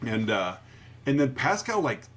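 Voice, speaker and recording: A man's voice: mid-range voice, very animated, moderate pace, fairly bright tone, slight background noise. A man co-hosting a casual movie podcast who retells scenes jokingly and slips into character voices. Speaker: podcast co-host.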